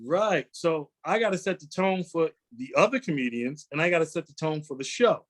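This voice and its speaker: A man in his forties, a comedian telling animated stories in a casual interview and slipping into quoted voices. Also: fairly high pitch, moderate pace. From New York. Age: 40s. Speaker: guest comedian.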